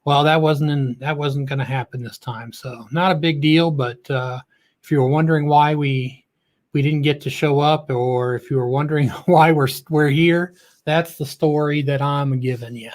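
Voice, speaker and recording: A man's voice: on the high side, steady tone, moderate pace. A middle-aged man hosting a casual livestream, chatty and goofy, greeting viewers by name with a lift in his voice. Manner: joking and goofy. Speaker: livestream host.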